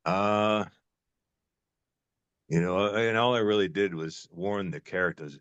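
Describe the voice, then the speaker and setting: A man's voice: deep voice, takes it slowly, long pauses, a bit bright, smooth, no echo. An older man, an actor guest, musing in a casual interview, rambling with many fillers and restarts.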